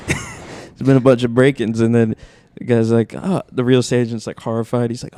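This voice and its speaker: A man's voice: medium pitch, flat delivery, a little fast, mellow, dry recording. A man telling a story on a comedy podcast, rambling with lots of fillers. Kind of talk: casual comedic chat.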